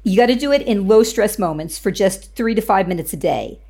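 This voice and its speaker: A woman's voice: mid-range voice, lively intonation, brisk, darkish tone. A woman communication coach, a guest on a show, explaining tips confidently and laughing easily. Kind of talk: interview guest.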